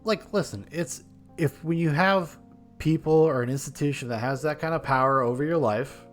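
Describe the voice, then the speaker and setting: Male podcast co-host, plain middle voice, opinionated and blunt, soft music bed. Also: on the high side, moderate pace. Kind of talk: casual podcast chat.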